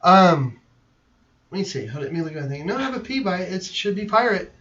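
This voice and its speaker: A man's voice: sits high, big pitch swings, fast talker, fairly bright tone. A man hosting a casual livestream, chatty and giggly, trailing off and laughing as he talks. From Texas. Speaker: livestream host. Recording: lo-fi stream audio.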